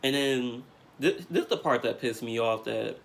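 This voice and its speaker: In a storytime vlog, a young man retells something that happened in casual slang stuffed with fillers, growing animated as he goes. His mid-range voice is gravelly and a little slow.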